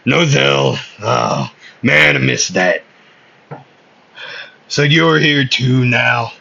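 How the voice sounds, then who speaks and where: A man doing a brash shouting young hero. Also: mid-range voice, very animated, extremely slow, creaky, full character voice. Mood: cocky greeting. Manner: loud, raised, shouted attack calls. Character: brash shouting young male magic knight. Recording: slightly muffled lo-fi audio.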